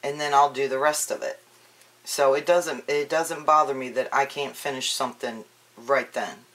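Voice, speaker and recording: A woman's voice: a bass voice, normal speed. Woman demonstrating a craft at home; easygoing, rambling delivery full of ums, recorded on a camera mic. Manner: chatty, relaxed, frequent ums and restarts. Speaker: craft tutorial maker. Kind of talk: casual crafting tutorial.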